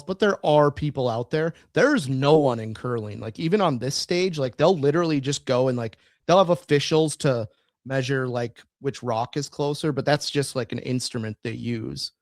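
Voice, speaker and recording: At normal speed, a male co-host on a podcast chats casually in a mid-range, slightly mellow voice. He rambles with lots of fillers and restarts, and the studio-quality recording has no echo.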